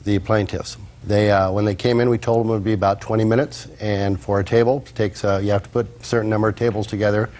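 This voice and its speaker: A man testifying as a restaurant manager witness, halting and searching for his words. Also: on the low side, flat delivery, darkish tone. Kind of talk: courtroom testimony.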